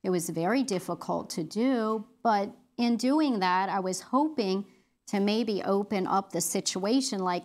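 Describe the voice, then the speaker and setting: A woman's voice: mid-range voice, lively intonation, unhurried, darkish tone. A middle-aged woman leading a women's Bible study, talking earnestly and conversationally with fillers and restarts.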